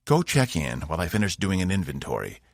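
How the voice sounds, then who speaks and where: A man voicing a female starship captain who gives brisk orders and teases with sarcasm, in an audiobook. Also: low-pitched, sing-song, gravelly, no room sound, studio quality, full character voice. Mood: commanding. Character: female ship captain, dry and teasing. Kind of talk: audiobook character voice.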